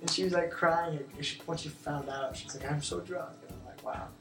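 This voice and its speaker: A man co-hosting a show, telling a lively story in casual chat and acting out the other people's lines. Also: a little high, a little fast. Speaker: show co-host. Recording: roomy, distant mic, music behind.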